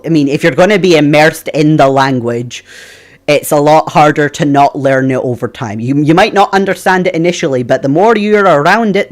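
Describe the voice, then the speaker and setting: A Scottish man from Scotland, streaming a game and chatting casually with his viewers, rambling on and laughing often. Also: fairly high pitch. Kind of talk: casual live-stream chat.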